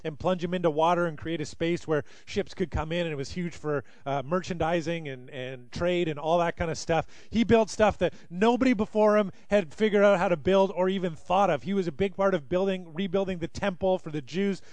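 High-voiced man preaching with animated storytelling. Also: brisk, few pauses, no room sound. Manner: animated storytelling, acting out quoted speakers. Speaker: pastor. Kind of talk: sermon.

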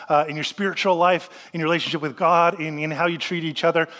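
A male pastor delivers his sermon in an easy, conversational way, with a voice pitched a little high. He keeps asking rhetorical questions and slips into the voices of people who might answer him. His words ring out with a long reverb, as in a large hall. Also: a bit bright.

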